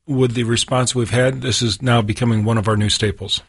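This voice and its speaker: A male brewery owner speaking as a guest, with a slightly husky, raspy tone. He explains things plainly and matter-of-factly, at a middling pitch. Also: steady tone, a little fast. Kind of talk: casual chat.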